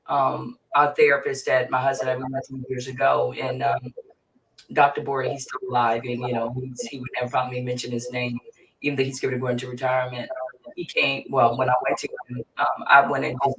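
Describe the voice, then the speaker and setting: A middle-aged woman, a mental health therapist, speaking as an interview guest in an emphatic, repetitive and impassioned way. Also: extremely low pitch. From Virginia, USA. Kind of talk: emotional interview talk. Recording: distant mic with faint noise.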